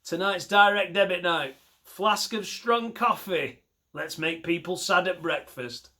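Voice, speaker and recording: Guy doing a high scheming night-shift clerk, gleeful, loves making folks sad. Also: measured pace, pushed and bright, heavily acted. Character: grim night-shift man taking direct debits.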